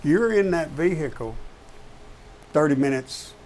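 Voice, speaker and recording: A man's voice: a little high, animated, unhurried, a little mellow, slight background noise. Emphatic trucker man. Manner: emphatic, repeats key words. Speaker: professional truck driver guest. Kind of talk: casual talk show chat.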